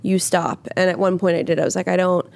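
Young actress gabbing on a podcast, swears a lot, jumps into voices for quotes. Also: female voice, lowish voice, rapid-fire, creaky. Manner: animated, swearing, acts out quotes in lively voices. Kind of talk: casual chat.

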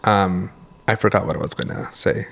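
His voice is deep and gravelly, at a normal speed. A podcast co-host from the medical field, he chats casually and tells rambling tales, often stopping to correct himself and laugh.

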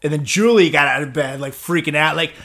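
A man's voice: fairly high pitch, fairly quick, vocal fry. A man co-hosting a podcast, talking casually with frequent swearing and laughter. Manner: animated, swearing, laughing often. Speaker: podcast co-host.

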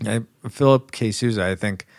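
A man co-hosting a casual podcast, animated and laughing often as he reads out listener comments. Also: fairly low pitch, normal speed, vocal fry, no echo, clean studio sound. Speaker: podcast co-host.

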